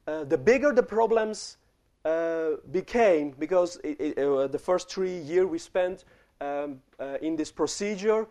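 Young male preacher, high tenor, chatty sermon storytelling that speaks straight to the room. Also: darkish tone. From refugee childhood in the Netherlands. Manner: storytelling, addresses the congregation directly.

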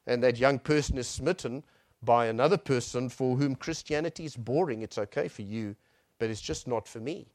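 A male preacher giving a sermon. He swells on key phrases and then drops to a near hush. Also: medium pitch, moderate pace, dry recording, studio quality.

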